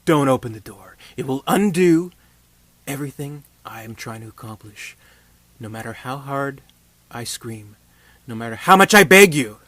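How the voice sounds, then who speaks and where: A man voicing a high-strung young mad scientist, mock-calm and pleading. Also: normal speed, lightly acted. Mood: earnest.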